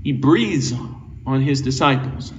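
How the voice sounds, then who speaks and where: A man's voice: mid-range voice, animated, slow pace. A man preaching an earnest, conversational sermon as a pastor, often restarting his sentences. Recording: dull, lo-fi sound from a distant mic with faint noise.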